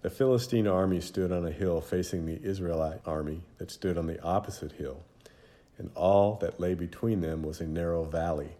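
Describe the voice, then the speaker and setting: A man giving a dramatic, measured storybook narration of a children's Bible story. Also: sits low, dark tone.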